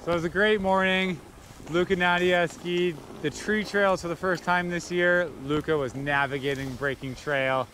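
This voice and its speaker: A man's voice: high voice, steady tone, normal speed, fairly bright tone, slight background noise. A man in his thirties, a father patiently coaching and encouraging his young children on a ski hill, recorded outdoors on a camera mic. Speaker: father vlogging a family ski day. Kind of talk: casual narration and coaching on the slopes.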